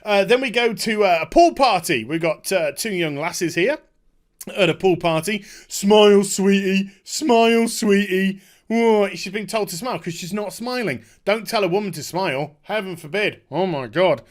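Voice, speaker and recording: A man tears into a video with sarcastic, mocking commentary. His voice sits high for a man and swings widely in pitch as he rants, exasperated. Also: lively intonation, normal speed. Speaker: commentary channel host.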